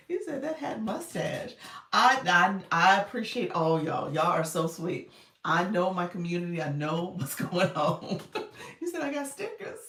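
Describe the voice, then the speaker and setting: A woman's voice: fairly low pitch, sing-song, unhurried, fairly bright tone, slight background noise. A woman hosting a casual livestream, chatting with viewers and thanking them, laughing often and calling them y'all. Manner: giggly, often breaking into laughter. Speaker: livestream host and coach. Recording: roomy and distant from mic.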